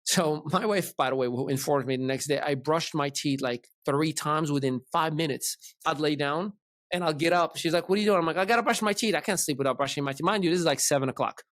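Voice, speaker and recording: A man's voice: fairly high pitch, brisk, no echo, clean studio sound. A man hosting a podcast, casually telling a long story and acting out the voices of the people in it. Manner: animated, acts out dialogue in his retelling. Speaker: podcast host.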